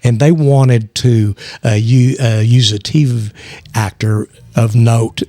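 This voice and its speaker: A man with a Texan accent, telling a long story as the guest in casual talk, animated, acting out quoted voices, often restarting his words. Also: mid-range voice, takes it slowly, dry recording. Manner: frequent restarts and stammers. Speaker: guest actor.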